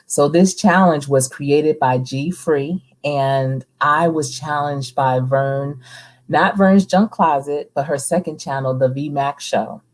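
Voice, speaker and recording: A woman's voice: sits low, slow. A woman hosting a casual live stream, chatting with viewers and reading their comments aloud. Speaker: livestream host, coach.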